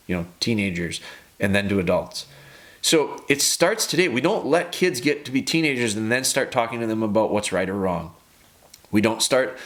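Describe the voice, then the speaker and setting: Earnest low-voiced man giving advice. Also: a bit bright. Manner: earnest, repetitive, coaching tone. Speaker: dog trainer, podcast host. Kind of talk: casual advice podcast.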